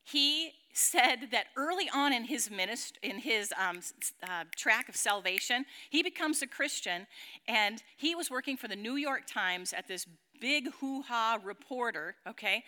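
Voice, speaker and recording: Woman, high bright voice, casual storytelling preacher who acts out the quotes. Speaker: speaker teaching a faith group. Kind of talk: storytelling sermon talk.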